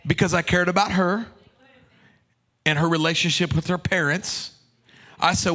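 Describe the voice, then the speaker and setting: A male pastor preaching a sermon in an animated, playful way, joking back and forth with the congregation. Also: sits high, moderate pace, pauses often.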